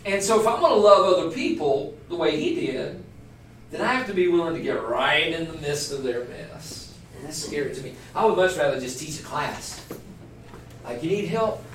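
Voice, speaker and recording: A man teaching a small church group in a relaxed, conversational sermon, joking about himself now and then. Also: a little high, a little hiss or hum. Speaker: pastor teaching a church class. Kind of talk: informal sermon. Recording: echoey room, voice from far off.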